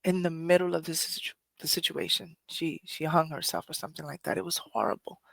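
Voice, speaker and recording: A host talks through a personal reflection in an earnest, loose way, backing up and restarting phrases and letting a curse slip now and then. The voice sits at a middling pitch and is recorded close and dry, with no room sound. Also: sing-song, fairly quick, creaky, fairly bright tone, no room sound. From Puerto Rico. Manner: earnest, conversational, often restarts phrases, swears casually. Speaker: podcast host.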